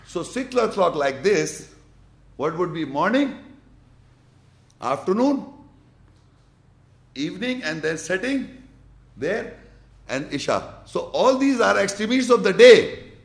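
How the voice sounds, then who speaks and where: A man's voice: sits high, big pitch swings, slow pace, creaky, long pauses, reverberant. A man teaching a religious lesson, quizzing his class and demonstrating with his hands.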